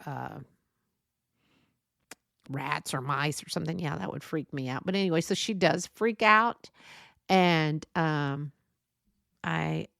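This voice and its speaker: A woman chats through a solo podcast episode, rambling along with plenty of ums and restarts. Her voice sits a little low and has a gravelly, creaky edge. The sound is dry and close, with no room around it. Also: a bit bright, no echo. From Texas. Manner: chatty, rambling, frequent fillers and laughs. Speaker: podcast host. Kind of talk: casual solo podcast monologue.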